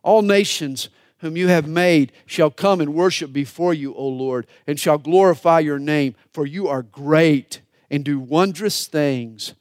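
A man preaching a sermon, dropping to a hush and then rising to fervent, pleading prayer. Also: a little high, no echo, clean studio sound. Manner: dramatic preaching, swinging from hushed to fervent.

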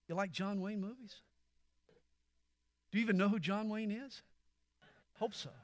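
A high-pitched man preaching a sermon in a slow, measured rhythm. His bright, forceful tone swells toward near-shouts at the peaks, and he often turns to the congregation with direct questions. The sound is dry and close, with no room echo. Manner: talks straight to the congregation with questions. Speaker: pastor.

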